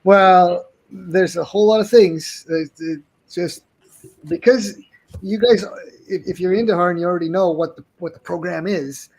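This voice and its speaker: A man's voice: high voice, normal speed, a little mellow, slightly rough. A man, a game publisher guest, talking casually on a video call, friendly and rambling with frequent restarts.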